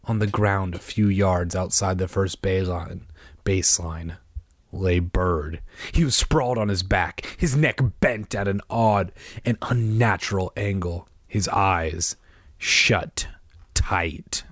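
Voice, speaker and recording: A man's voice: sits low, slow pace, a bit bright, no room sound, clean studio sound. A man reading a children's book aloud, tossing in wry asides. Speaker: reader.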